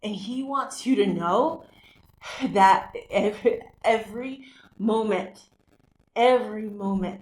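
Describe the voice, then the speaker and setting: A woman hosting a talk show, giving a live psychic medium reading in a halting, rambling way with many restarts. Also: medium pitch, a little mellow. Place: community TV studio. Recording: roomy, echoey room sound.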